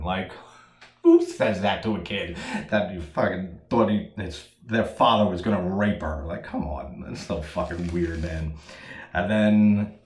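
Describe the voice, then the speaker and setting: A man giving a casual solo movie review, profane and animated, laughing at his own jokes. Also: low voice, measured pace, roomy sound.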